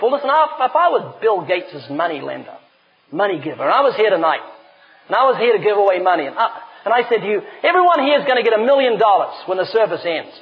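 A middle-aged man preaching a sermon, telling stories with humor and emphatic delivery. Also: high voice. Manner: animated storyteller, emphatic. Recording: dull lo-fi recording.

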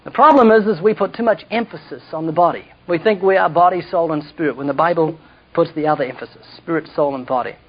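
A man's voice: on the high side, quick pace, husky. A man preaching a humorous sermon with storytelling, jokey asides and self-mocking slips, heard in a dull lo-fi recording.

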